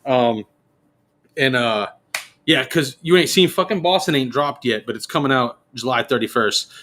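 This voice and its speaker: A man's voice: mid-range voice, normal speed, slight background noise. A man telling a story in a casual podcast chat, swearing freely and acting out what people said. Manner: animated, profane, acts out quotes.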